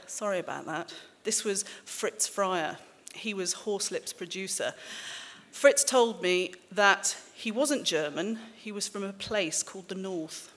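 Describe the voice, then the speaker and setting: Woman author in her forties, from the border country, reading her memoir live. Dry, wry, measured delivery. Voice carries a hall reverb. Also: mid-range voice, a bit bright. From English-Welsh border country. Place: stage in a hall.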